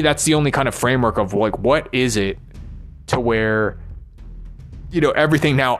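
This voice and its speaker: A man venting in a loose, rambling monologue. He sounds worn out and frustrated, stopping and restarting his thoughts and swearing freely. His voice sits at an ordinary middle pitch. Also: a bit bright. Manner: weary, frustrated venting, halting and profane. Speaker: vlogger.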